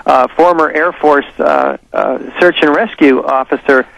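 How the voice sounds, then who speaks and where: A man being interviewed as a guest on a talk radio show, speaking haltingly with many pauses and fillers. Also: on the high side, creaky, fairly bright tone, no room sound, rough recording.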